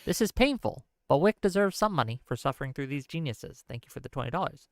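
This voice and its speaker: A man's voice: mid-range voice, expressive, no room sound, studio quality. A man hosting a live stream, asking the panel questions and reading out paid messages. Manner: reads paid messages aloud in a brisk run. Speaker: stream host reading donations. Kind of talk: casual live-stream chat.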